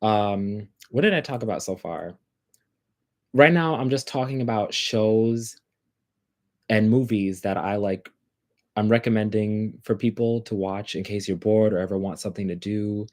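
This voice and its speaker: A man with a fairly low voice chats casually on a livestream. He rambles from topic to topic and fills pauses with ums and likes. He speaks straight to his viewers. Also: darkish tone. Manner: rambling, filler-heavy, chatty. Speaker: livestream host.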